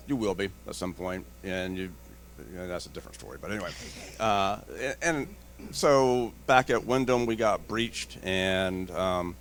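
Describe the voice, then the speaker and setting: A man speaking on a conference panel, his voice sitting a little low. He tells blunt, joking stories and acts out what people said to him. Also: fairly bright tone. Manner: storytelling, acts out dialogue in quotes. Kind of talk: panel discussion. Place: conference stage.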